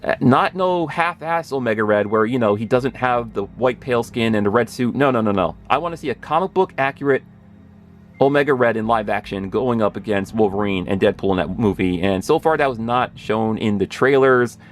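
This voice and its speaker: Excitable man gushing in a casual recap. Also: medium pitch, a little fast. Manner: excitable, rambling, gushing, with self-corrections. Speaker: pop culture video host.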